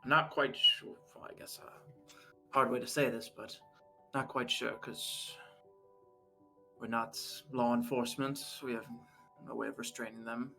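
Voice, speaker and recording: Male player, gravelly and bright, hesitant and earnest. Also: medium pitch, steady tone, a little slow, pauses often, soft background music. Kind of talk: tabletop role-play.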